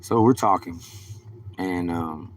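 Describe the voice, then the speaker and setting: Deep-voiced man rambling on a live stream. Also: takes it slowly, a little hiss or hum. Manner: rambling, profane, street slang. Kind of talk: casual rambling storytelling.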